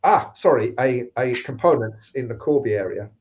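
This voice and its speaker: A man's voice: mid-range voice, lively intonation, moderate pace, darkish tone. A man telling work anecdotes in casual chat and acting out the people he quotes. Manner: anecdotal, acts out quoted voices. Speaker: guest speaker on recruitment. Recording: slightly dull lo-fi sound.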